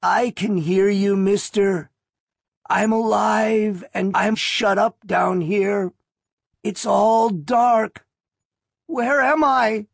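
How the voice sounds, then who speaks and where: A man's voice: high voice, steady tone, very slow, vocal fry, breathy edge, no room sound, studio quality, voice pushed up, heavily acted. A man reading aloud and voicing a frightened old man, buried alive, who speaks in a weak, quavering voice. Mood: panicked. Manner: panicky, pleading.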